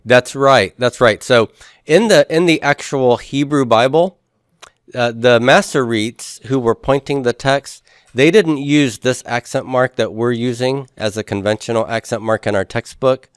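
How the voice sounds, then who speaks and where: A man's voice: mid-range voice, unhurried, clean tone, dry recording, clean studio sound. A man teaching a Hebrew grammar class who explains each step patiently and puts questions to his students. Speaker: Hebrew instructor.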